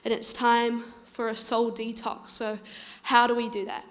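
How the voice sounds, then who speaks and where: A woman preaching in a church, earnest and pleading as she tells her stories. Her voice sits fairly high, and a long hall reverb trails every line. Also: completely flat delivery, unhurried. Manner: earnest, urging, conversational storytelling. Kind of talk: sermon.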